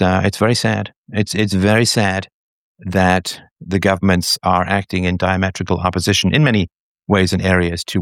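A man hosting a call-in show, talking in a measured, reflective way with fillers and repeated phrases. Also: deep voice, no room sound, studio quality. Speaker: show host taking callers.

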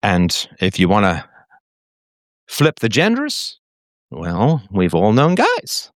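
A man's voice: lowish voice, very animated, slow pace, no room sound, studio quality. A man giving a sarcastic, theatrical solo monologue to his audience. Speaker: commentator.

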